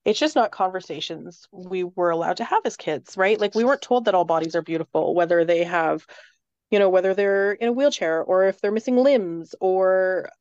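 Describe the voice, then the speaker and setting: A woman's voice: on the low side, normal speed, darkish tone, clean tone, no room sound, muffled recording. A woman, likely in her thirties, talking candidly in a casual chat, swearing freely and laughing often. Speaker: podcast guest.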